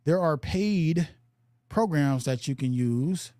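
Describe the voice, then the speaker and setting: A man's voice: a little high, animated, takes it slowly, mellow, no echo, clean studio sound. A man hosting a podcast in casual chat, loose and full of fillers, often checking in with "right?". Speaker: podcast host.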